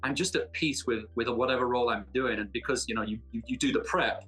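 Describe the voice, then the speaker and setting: A man from Britain, an actor guest in a casual interview, talking in a jokey, self-mocking way with quick asides. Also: medium pitch, fairly bright tone, faint music behind.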